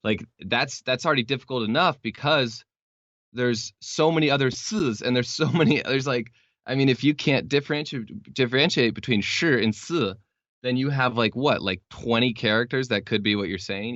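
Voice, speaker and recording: This young podcast guest from Texas, United States, explains things casually and ramblingly, full of fillers and restarts, in a relaxed interview chat. His medium-pitched voice is a bit bright and moves at normal speed. The recording has no echo but a dull lo-fi quality.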